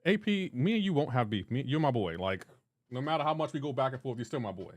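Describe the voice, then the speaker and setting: A man's voice: mid-range voice, sing-song, fast talker. A young man live-streaming a game, chatting casually with his chat and teasing them in playful banter. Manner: teasing, banter-heavy, breaks into laughter.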